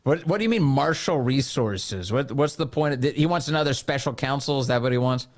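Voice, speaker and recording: A man's voice: mid-range voice, lively intonation, fairly quick. A man hosting a political talk podcast, speaking in a sarcastic, mocking way. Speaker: podcast and radio host. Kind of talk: political commentary.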